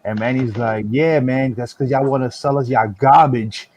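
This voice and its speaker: A man hosting a casual podcast, telling stories in an animated, profane way with lots of fillers. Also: medium pitch, moderate pace, very noisy. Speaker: podcast host. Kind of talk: casual storytelling chat.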